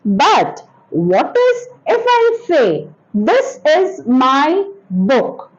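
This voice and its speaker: A woman teaching an English grammar lesson to children, speaking slowly and repeating each point with examples. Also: high-pitched, very animated, muffled recording. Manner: addresses children directly.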